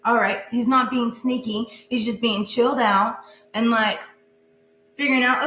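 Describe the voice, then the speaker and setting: A woman's voice: a little high, fairly even intonation, moderate pace, sharp tone. A woman giving a casual live tarot reading, chatty and goofy, laughing often. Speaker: tarot reader. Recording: echoey room with faint hum.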